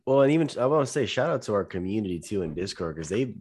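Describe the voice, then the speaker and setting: A man's voice: fairly low pitch, sing-song, fast talker, a little mellow, breathy edge. A man co-hosting a casual podcast, dropping dry, joking asides. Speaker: podcast co-host.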